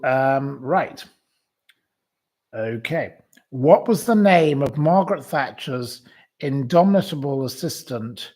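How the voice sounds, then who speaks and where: A man's voice: medium pitch, a little mellow. A man hosting a live online quiz, chatting casually, rambling and calling out viewers by name. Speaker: livestream quiz host.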